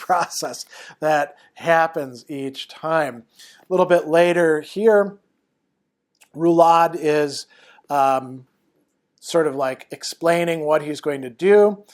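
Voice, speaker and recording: A man giving an online lecture, thinking aloud with frequent fillers. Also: fairly high pitch.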